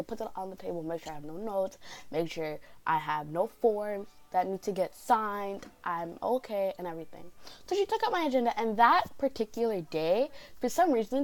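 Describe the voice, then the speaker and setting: A young woman from Canada telling a story in a casual vlog, rambling and chatty, jumping into animated quoted lines. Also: medium pitch, rough recording. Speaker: vlogger.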